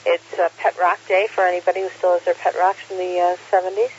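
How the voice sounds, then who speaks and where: A man's voice: high-pitched, quick pace. Man, ham radio net control, easygoing jokey delivery, lots of uhs, dull lo-fi radio sound, faint hiss. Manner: relaxed, joking, frequent uh fillers. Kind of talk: casual radio chat reading daily holidays.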